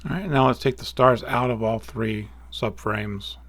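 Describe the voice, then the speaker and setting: Man calmly talking through software steps. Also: medium pitch, a little slow, dry recording. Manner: relaxed, thinking aloud with small slips and self-corrections. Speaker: astrophotography tutorial host. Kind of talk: casual screen-recorded software walkthrough.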